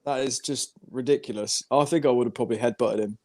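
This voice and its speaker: A man co-hosting a podcast, reacting with laughter and drawn-out remarks. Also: mid-range voice, darkish tone. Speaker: podcast co-host. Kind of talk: casual chat.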